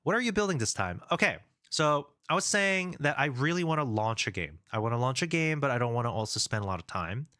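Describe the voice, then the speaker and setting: A man's voice: medium pitch, very animated, brisk, few pauses, sharp tone, no echo, clean studio sound. Casual rambling man streaming live. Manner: rambling, reads chat comments aloud, frequent fillers and restarts. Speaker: game developer streamer.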